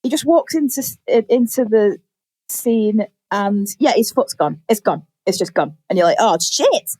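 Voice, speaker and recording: A young woman on a podcast, casually telling a story with lively acted-out quotes and plenty of swearing. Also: medium pitch, normal speed, husky, dry recording. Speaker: podcast co-host. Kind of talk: casual chat.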